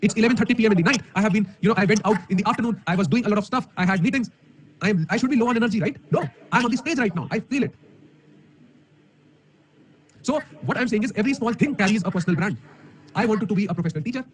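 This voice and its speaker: This high-pitched, very fast talker is an online coding teacher with an Indian English accent. He addresses a live-stream audience energetically from a room where he's alone, firing off emphatic rhetorical questions, captured on a camera mic.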